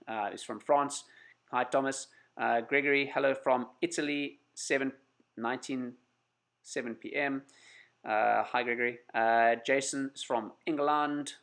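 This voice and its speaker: Male livestream host, mid-range and gravelly, has a cold; loose, chatty and apologetic with viewers. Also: medium pitch. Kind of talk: casual livestream chat with viewers.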